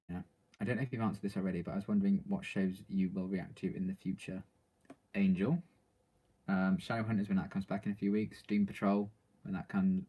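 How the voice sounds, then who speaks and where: A man's voice: deep voice, warm tone. A man reading out viewer questions and answering them in casual, rambling live-stream chat, full of ums and likes.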